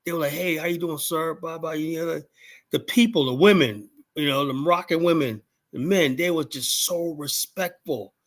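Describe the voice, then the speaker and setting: An American man telling a story in casual conversation, his voice sitting a little higher than most men's. He swears often and acts out what people said to him. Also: moderate pace. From United States. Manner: profane, animated storytelling with quoted voices. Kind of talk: casual chat.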